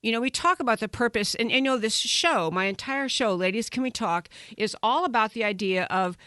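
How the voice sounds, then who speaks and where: A woman's voice: a little high, a little fast, sharp tone, no room sound, studio quality. An American woman hosting a political talk show, delivering an emphatic, indignant commentary monologue that repeats points for emphasis. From United States.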